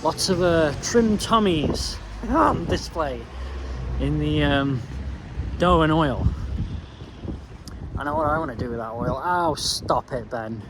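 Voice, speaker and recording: Chatty man over loud street noise. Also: on the high side, takes it slowly, long pauses. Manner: chatty, self-mocking, mutters asides. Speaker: vlogger. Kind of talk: casual travel vlog. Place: outdoors in town and in a car. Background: loud outdoor and traffic noise.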